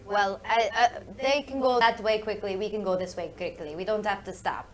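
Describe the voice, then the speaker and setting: A woman's voice: medium pitch, moderate pace. Hesitant woman playing a tabletop character. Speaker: player. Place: game store.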